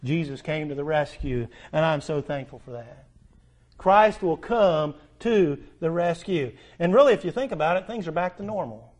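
A man preaching a sermon, swinging between loud urgent appeals and soft hushed asides, drawing out words for emphasis. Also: fairly high pitch, expressive, moderate pace.

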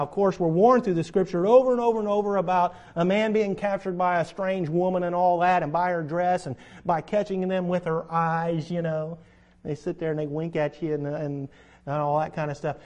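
In a high-pitched voice, a man preaches a sermon with emphasis, reading scripture aloud while his volume swells and then drops.

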